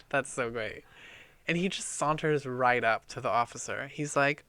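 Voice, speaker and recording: A man co-hosting a casual book podcast, retelling the plot in an animated, profane way and acting out the lines. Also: mid-range voice, normal speed, clean tone, no room sound. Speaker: podcast co-host.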